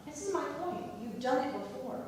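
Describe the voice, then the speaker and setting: A woman plays a sharp-tongued wife who needles her husband in a dry, matter-of-fact way. Her voice is a little high and sounds distant, with a long echo from the hall and faint noise underneath. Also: lively intonation, normal speed. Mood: teasing. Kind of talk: amateur stage comedy acting. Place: theatre stage. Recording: echoey hall, from far off.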